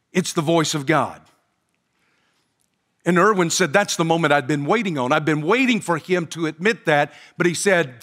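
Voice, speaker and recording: Higher-voiced preacher telling a story. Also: male voice, fairly bright tone. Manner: storytelling with frequent pauses and fillers, building to emphatic quotes. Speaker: pastor. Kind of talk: sermon.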